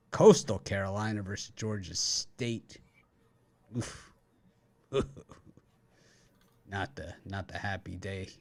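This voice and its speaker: A man's voice: fairly low pitch, fairly bright tone. A man hosting a sports betting show, rattling off college matchups and cracking dry jokes between them. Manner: joking, rattles off matchups with wisecracks. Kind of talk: casual sports betting chat.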